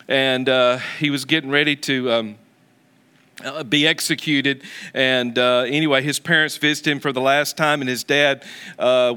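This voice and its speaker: A man's voice: fairly high pitch, pushed and bright, clean tone. A man preaching an earnest sermon as pastor, telling stories with frequent restarts. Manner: earnest, storytelling with many restarts.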